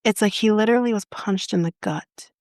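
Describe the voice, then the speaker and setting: A woman's voice: medium pitch, a little fast, darkish tone, no room sound, studio quality. A Canadian woman co-hosting a podcast, retelling a story in casual chat in an indignant, impassioned and blunt way. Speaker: podcast co-host.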